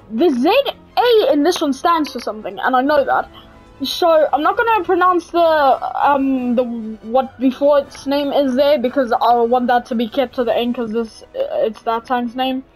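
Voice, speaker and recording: A woman's voice: high-pitched, poor audio. A young South African woman, a native Afrikaans speaker, giving casual, hesitant gameplay commentary full of fillers. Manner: hesitant, many fillers and restarts. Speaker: gaming video creator.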